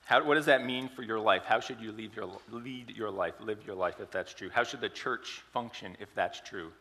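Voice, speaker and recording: A man's voice: on the low side, normal speed, bright, forceful tone, in a large hall. A man giving a sermon, telling an illustrative story and asking the congregation questions. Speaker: preacher.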